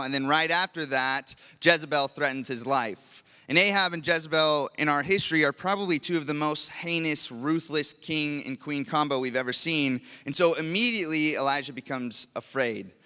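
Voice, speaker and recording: A man's voice: on the high side, bright, forceful tone, clear, resonant tone. A young adult man preaching a sermon in a church, in a casual, conversational storytelling way. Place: church sanctuary. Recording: long church reverb.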